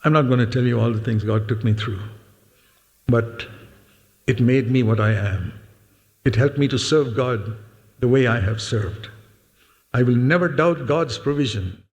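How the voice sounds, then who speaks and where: A man's voice: mid-range voice, unhurried, pauses often, a little mellow. An older man preaching a sermon in a church hall. He speaks earnestly and emphatically, repeats key words, and sometimes speaks directly to the children in the congregation. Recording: long hall reverb.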